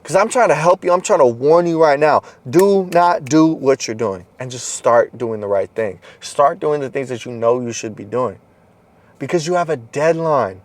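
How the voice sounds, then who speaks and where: A man's voice: expressive, normal speed. Intense, blunt motivational man. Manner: intense, blunt and profane, urging the listener; swings between loud exhortation and low, quiet stretches. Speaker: motivational content creator. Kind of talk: motivational monologue.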